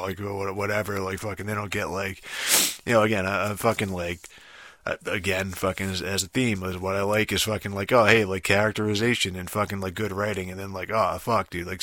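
A man with a rough throat, ranting casually and rambling, swearing constantly and restarting his sentences. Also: deep voice, pushed and bright, no room sound. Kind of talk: casual rant.

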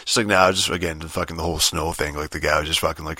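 A man's voice: very deep voice, steady tone, quick pace, few pauses, bright, forceful tone, dry recording. A man ranting casually about his gear as a gaming vlogger, swearing constantly, rambling and laughing often. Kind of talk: casual rant.

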